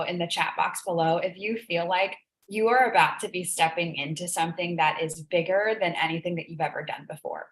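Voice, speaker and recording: A woman's voice: on the low side, steady tone, a little fast, few pauses. A woman hosting a live business coaching stream, talking earnestly and emotionally, repeating phrases for emphasis. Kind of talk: live-stream motivational talk. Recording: echoey room.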